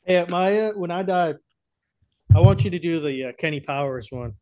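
A young man chatting loosely on a podcast, rambling and crude and often breaking into laughter. His voice sits a little high. The sound is dry and close. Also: moderate pace, warm tone, dry recording. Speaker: podcast co-host. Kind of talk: casual chat.

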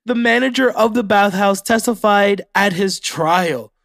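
A young man hosts a casual solo podcast, reading facts out and reacting to them with frequent profanity. His voice sits a little high for a man. The sound is dry and close, with no room around it. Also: a little slow, vocal fry, a bit bright, no room sound. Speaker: podcast host.

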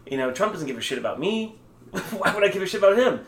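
A man's voice: high-pitched, sing-song, fast talker. Man, podcast guest, blunt and profane, echoey room. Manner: blunt, swears freely, laughs at own rants. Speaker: podcast guest, cancer survivor. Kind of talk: casual podcast chat.

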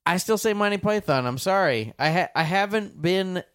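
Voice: mid-range voice, expressive, moderate pace, a bit bright, clean tone. A podcast co-host arguing for favorites emphatically and teasing friends. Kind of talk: casual comedic chat.

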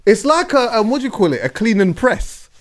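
A young man, co-hosting a casual podcast chat, animated and laughing often. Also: extremely high pitch, fairly quick. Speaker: podcast co-host.

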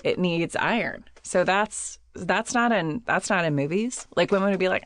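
A woman's voice: fairly low pitch, normal speed, hardly any pauses, fairly bright tone, no echo, clean studio sound. A young woman chatting casually as a podcast co-host, rambling with lots of "like", restarts and frequent laughter. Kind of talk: casual chat.

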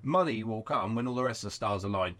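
A man in his thirties, a garage owner, telling his story in an animated, profane, casual way and acting out the voices of people he quotes. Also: fairly low pitch, fast.

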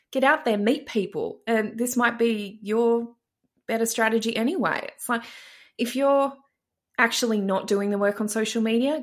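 A woman business coach co-hosting a podcast, ranting forcefully with tough love and swearing. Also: fairly high pitch. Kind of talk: casual podcast rant.

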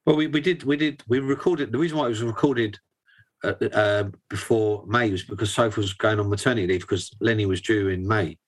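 A young man and father of two, a guest on a casual video-call interview, relaxed and rambling with many fillers. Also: fairly low pitch, a little fast.

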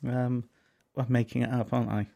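Brief: gravelly West Country man, dry teasing podcast co-host. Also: medium pitch, little pitch movement, a little fast, mellow. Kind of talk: casual comedy podcast banter.

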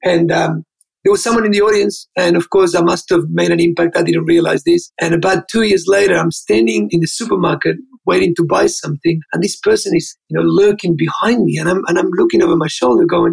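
A man's voice: sits high, creaky, husky, low-quality recording. A man, a guest in an interview, telling stories with enthusiasm and acting out the dialogue. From Australia. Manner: enthusiastic, fast, acts out dialogue. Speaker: interview guest, keynote speaker. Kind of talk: animated storytelling.

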